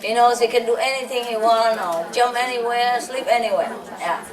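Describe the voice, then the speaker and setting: A woman's voice: fairly high pitch, fairly even intonation, normal speed, a crowd in the background. A woman telling casual stories to a gathering in a playful, fond way, often breaking into chuckles. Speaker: spiritual teacher speaking to a gathering. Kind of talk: casual anecdotal talk to an audience. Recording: roomy hall, distant mic, audience laughter. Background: audience laughter.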